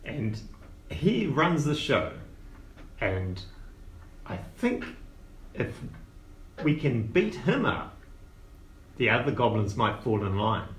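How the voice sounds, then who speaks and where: A man voicing an excitable male gnome entrepreneur who speaks formally and theatrically. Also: medium pitch, slow, pauses often, slight background noise. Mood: scheming. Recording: roomy room echo.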